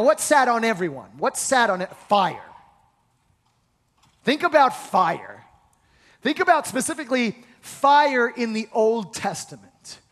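A male pastor preaching a sermon with energetic rhetorical questions and call-and-response with the congregation. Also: very high-pitched. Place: church hall. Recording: reverberant hall.

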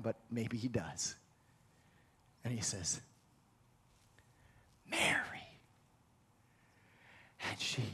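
A man preaching a sermon, retelling a scripture story with lively acted-out quotes and frequent restarts. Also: medium pitch, husky. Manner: animated storytelling, acts out quoted voices, many restarts.

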